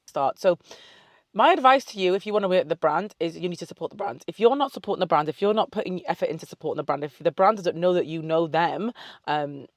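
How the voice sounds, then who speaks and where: A woman's voice: fairly low pitch, quick pace, darkish tone, dry recording, clean studio sound. A young woman in a casual Q&A chat to camera, a fitness coach who swears freely, drifts off on tangents and gives upbeat self-love pep talk. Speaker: fitness model and online coach.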